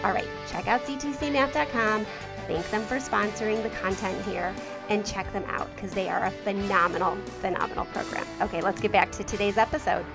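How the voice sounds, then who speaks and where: A woman's voice: mid-range voice, brisk, gravelly. Chatty woman podcast host over music. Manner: chatty, enthusiastic. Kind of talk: podcast ad read and talk. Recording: music bed behind voice.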